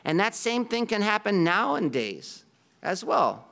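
This pastor's voice is high-pitched, gravelly, and fairly bright, and he sounds very animated while speaking a little slowly. His sermon to the congregation is earnest and conversational, featuring a self-deprecating aside.

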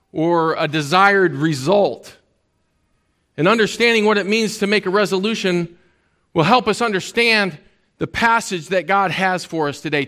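A pastor delivers his sermon in a high-pitched male voice. He talks to the congregation in a relaxed, conversational way, often pausing on fillers.

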